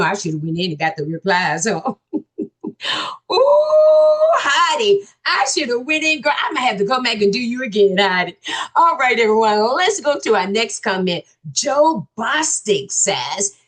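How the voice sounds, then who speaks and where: A woman hosts a commentary channel, reading out viewer comments and reacting to them with loud exclamations, talking straight to her viewers. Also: a little high.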